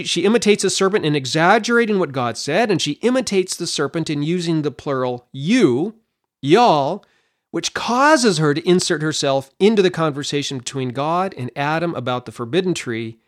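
A man teaching a Bible passage, his voice pitched a little higher than most men's. His delivery is animated and expressive. He often repeats a word as he works through his point. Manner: animated, explanatory, repeats words while thinking.

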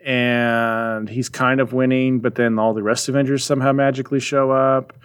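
Man, podcast co-host, relaxed rambling recap, mid-pitched everyday voice. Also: clean tone. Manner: rambling, animated retelling with quick voices for characters. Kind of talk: casual chat.

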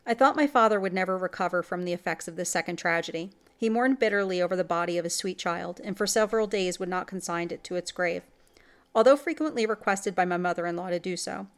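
A woman's voice: on the low side, quick pace. Woman narrating a gothic horror tale. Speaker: story reader.

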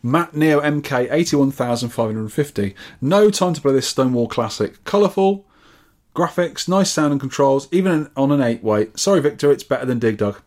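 English guy on a podcast reading high scores, chatty, dry little jokes. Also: lively intonation, normal speed, a little mellow. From England. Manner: chatty, reads out scores and comments with wry asides. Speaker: podcast co-host. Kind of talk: casual podcast chat reading listener scores.

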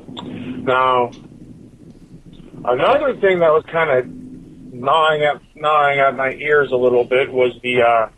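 A man's voice: mid-range voice, slow pace, pauses often, a bit bright, lo-fi sound. A man giving a profane, rambling rant as a listener's recorded message to a podcast, swearing constantly and drifting from point to point.

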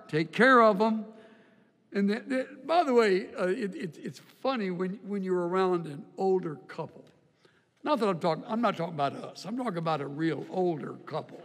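A man's voice: sits high, moderate pace, fairly bright tone, long reverb tail. An older man preaching a sermon, folksy and humorous, often repeating words as he tells stories. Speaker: pastor. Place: church auditorium.

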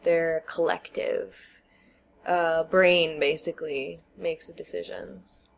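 A woman co-hosting a casual podcast chat, explaining her views at length with thoughtful pauses and fillers. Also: deep voice, flat delivery, vocal fry. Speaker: podcast co-host. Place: living in China.

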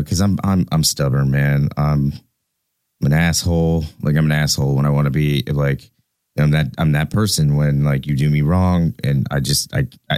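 A man's voice: a bass voice, a little mellow, no room sound, clean studio sound. A man in his thirties co-hosting a podcast, talking candidly in a casual way, swearing freely and often restarting his sentences. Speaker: podcast co-host.

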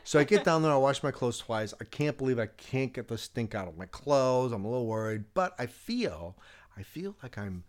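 A man's voice: mid-range voice, expressive, normal speed, darkish tone. A man telling a long personal story in a casual chat, rambling with many restarts and fillers, often laughing as he talks.

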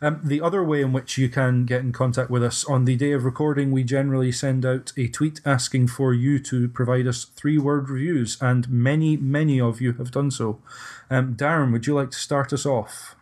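A man's voice: medium pitch, steady tone, normal speed, darkish tone. A man hosting a casual podcast discussion, hesitant and often restarting his sentences. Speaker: podcast host.

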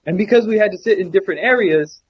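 A man co-hosting a podcast, telling a story in casual chat, profane and animated with many restarts. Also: high-pitched, quick pace, slightly rough, muffled recording. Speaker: podcast co-host.

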